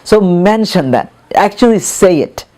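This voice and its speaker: A man's voice: high-pitched, animated, unhurried, a little mellow. A man giving a casual spoken lesson, repeating words and filling gaps with "you know" while he acts out examples. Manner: rambling, repeats words, many fillers, acts out quotes. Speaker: instructor.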